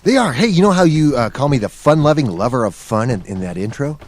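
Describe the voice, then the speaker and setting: A man co-hosting a live radio music show, upbeat and playful. His pitch swings widely as he jokes and previews the lineup. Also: sing-song, quick pace. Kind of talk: casual radio banter.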